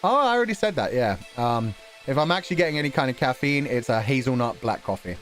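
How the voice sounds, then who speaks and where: British male streamer, young adult, casual donation-reading chat, animated up-and-down delivery, easy laughs, bit of swearing. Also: medium pitch, fast talker, faint music behind. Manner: relaxed, chatty, laughs often, swears casually. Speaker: streamer host.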